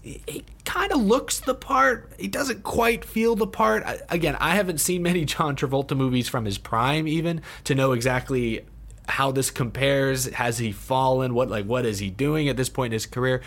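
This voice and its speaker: A man co-hosting a casual podcast talks through a film in a conversational way, often repeating a word as he starts a sentence. His voice has an ordinary middle pitch. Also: normal speed, a bit bright. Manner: conversational, stammers on repeated words. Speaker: podcast co-host. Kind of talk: casual film review chat.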